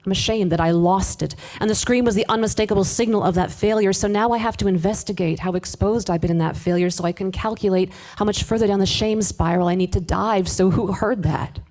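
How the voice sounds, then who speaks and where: A woman performing a live spoken word piece, confessional and wry, moving between hushed asides and emphatic bursts with sharp swearing. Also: medium pitch, quick pace, hardly any pauses. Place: live event space with audience.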